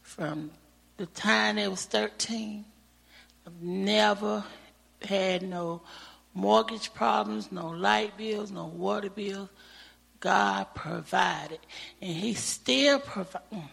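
A woman speaks slowly and earnestly before a church gathering, her voice gravelly and breathy. Her testimony builds to fervent praise. The sound carries the long reverb of a church hall. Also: medium pitch, fairly bright tone. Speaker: church member giving testimony.

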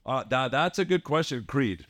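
A man as a podcast guest in casual chat, relaxed and upbeat, with many fillers. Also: medium pitch, moderate pace, no room sound. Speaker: podcast guest, real estate company owner.

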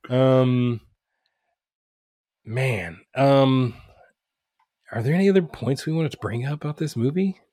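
A man's voice: mid-range voice, takes it slowly, long pauses, mellow, no room sound, clean studio sound. A man co-hosting a podcast, chatting casually and explaining at length. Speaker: podcast co-host. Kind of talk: casual chat.

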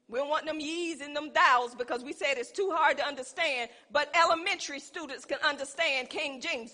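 A woman preaching with a very high, bright, forceful voice. She calls out to her listeners and draws them into call-and-response. Her delivery swells into fervent emphasis. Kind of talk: sermon.

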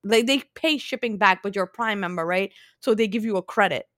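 A woman telling a story in casual chat, animated and acting out both sides. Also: medium pitch, fairly quick, no room sound, studio quality. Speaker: podcast co-host.

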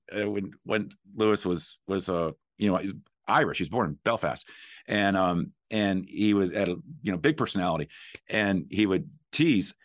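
A middle-aged man hosting a podcast, talking in a relaxed way with fillers and restarts. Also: fairly low pitch, dry recording, studio quality. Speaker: podcast host. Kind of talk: conversational podcast talk.

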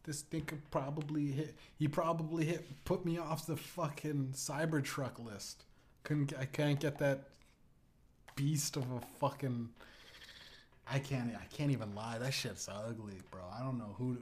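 A man's voice: mid-range voice, darkish tone. Rambling, profane male podcast host. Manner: rambling, profane, provocative, many restarts. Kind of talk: rambling comedic podcast monologue.

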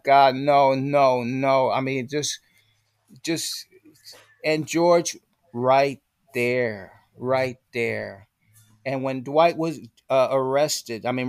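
In clean, echo-free studio audio, an older man being interviewed on a podcast tells lively stories in a mid-range voice. When he quotes someone, he acts out their voice.

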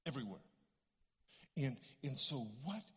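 Speaking a little slowly in a slightly rough, mid-range voice, this middle-aged Canadian guest preacher brings his sermon to life with animated stories, performing each character's voice. The sanctuary's long reverb rings through the recording.

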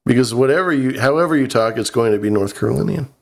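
A man's voice: medium pitch, fast, creaky. A man co-hosting a stream, bantering loosely and cursing freely. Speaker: co-host. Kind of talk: casual chat on a live stream.

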